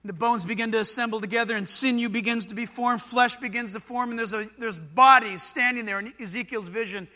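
A middle-aged man from Southern California preaching a sermon, animated and conversational, swinging between loud bursts and quiet asides. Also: extremely high pitch, a little fast, hardly any pauses, big-room sound. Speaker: pastor.

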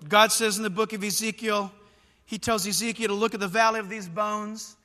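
Here a middle-aged pastor from Southern California gives a sermon that's animated and chatty, alternating loud moments with quiet side remarks. His voice sits high, he speaks fairly quickly, and the acoustics suggest a big room.

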